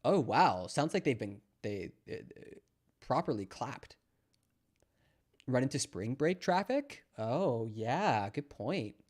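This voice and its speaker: Young man, canadian, casual commentary, sarcastic, rambling, mid-pitched. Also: very animated, slow, a little mellow. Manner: sarcastic, mocking, rambling with fillers. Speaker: streamer reacting to news clips.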